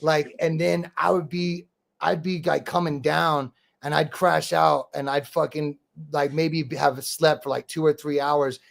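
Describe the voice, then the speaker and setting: A man's voice: on the high side, flat delivery, measured pace, creaky. A man hosting a podcast, telling stories in a rambling, profane way, full of "bro" and "dude". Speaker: podcast host and rapper. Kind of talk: casual storytelling chat.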